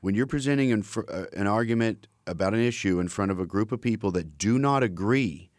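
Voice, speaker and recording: A stand-up comedian with a Southern US accent talks casually and builds his points step by step. His voice is low. The recording is dry, with no room sound. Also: fairly quick, no echo. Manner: analytical, building an argument. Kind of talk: casual conversation.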